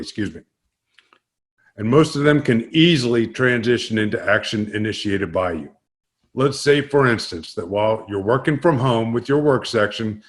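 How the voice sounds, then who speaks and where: A man co-hosting, explaining a communication framework in a steady, measured way. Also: medium pitch. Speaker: co-host. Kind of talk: scripted explanation.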